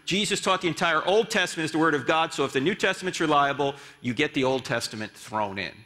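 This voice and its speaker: A man, a guest speaker and apologist, giving a lively lecture in a church, firing rhetorical questions at the crowd and dropping joking asides. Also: fairly high pitch, fast talker. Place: church sanctuary. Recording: long reverb of a church hall.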